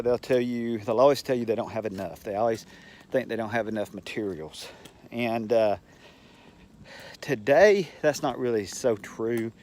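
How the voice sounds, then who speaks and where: An older man with a mid-pitched voice tells stories from his years as a teacher. He rambles in a folksy, unhurried way and acts out the people he quotes. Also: a little mellow. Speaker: retired teacher. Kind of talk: casual storytelling monologue.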